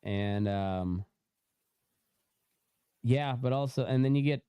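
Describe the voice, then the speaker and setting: A young man hosts a loose podcast conversation, rambling through fillers and restarts and breaking into laughter often. His voice comes through smooth and clear. The sound is dry and close, with no room in it. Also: mid-range voice, slow, no echo, dull audio. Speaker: podcast host. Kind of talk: casual podcast chat.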